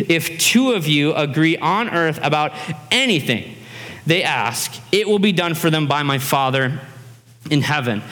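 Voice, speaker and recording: Male pastor, 30s, bright and fairly high voice, animated conversational sermon in a reverberant hall.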